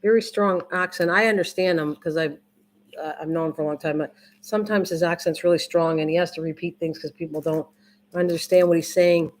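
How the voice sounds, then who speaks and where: An older woman with a lowish, steady voice hosts a crafting live stream, speaking a little fast. She chats casually with viewers, rambling, repeating herself, and often restarting.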